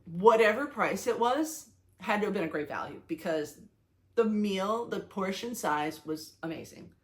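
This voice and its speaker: Chatty excited woman vlogger. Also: medium pitch, a little slow. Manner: excited, chatty, gushing with many fillers and restarts. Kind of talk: casual talking-head vlog.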